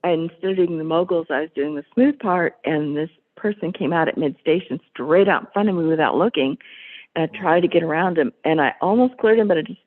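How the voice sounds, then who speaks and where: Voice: mid-range voice, fairly quick. A podcast guest in casual conversation, chatty, laughing often and trailing off mid-sentence, heard over a tinny phone line.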